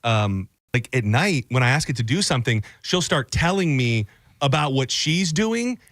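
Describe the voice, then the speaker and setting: A man's voice: medium pitch, animated, moderate pace, fairly bright tone, no echo, studio quality. A man hosting a radio talk show, telling a story in a casual, rambling way. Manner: rambling storyteller, many fillers and restarts. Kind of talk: casual chat.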